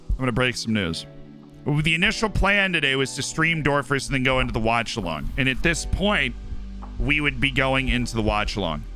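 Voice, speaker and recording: A man chats through a livestream of his game with a sharp, bright edge to his voice. He sounds a bit worn out, his voice fraying after long hours, yet he stays upbeat and thanks viewers by name. Faint music plays behind him. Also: mid-range voice. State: tired, voice starting to go. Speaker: streamer. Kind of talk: casual game livestream commentary.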